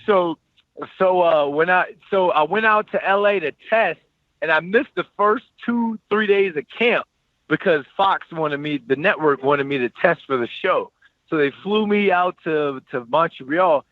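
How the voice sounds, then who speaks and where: Former athlete guest, 30s, male, lively slangy storyteller who repeats himself; dry, tinny phone-quality sound. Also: a little high, moderate pace, no echo. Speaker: podcast guest, former football player. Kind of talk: casual storytelling interview.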